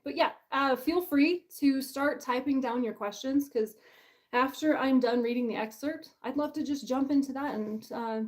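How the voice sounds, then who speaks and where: Bubbly, chatty woman hosting a livestream. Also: a little high. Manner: bubbly, chatty, self-deprecating; laughs often. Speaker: author hosting her book launch. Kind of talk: casual livestream chat.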